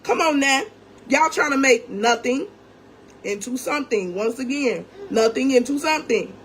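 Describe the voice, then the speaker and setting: Calling her audience "gang," the young woman vents in a confrontational, profane storytime rant aimed straight at them. Her high-pitched voice is a bit bright, and a little hiss or hum runs under it.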